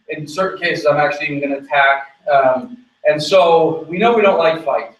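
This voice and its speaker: On location, a man teaches dog training, walking through his method and calling out quick commands to the dog. His voice is a touch higher than most men's, and it sounds roomy and echoey, captured from some distance.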